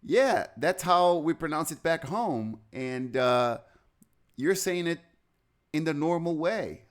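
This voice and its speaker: A man voicing a surprised female dental hygienist, with a halting, incredulous way of talking. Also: on the high side, expressive, voice pushed up.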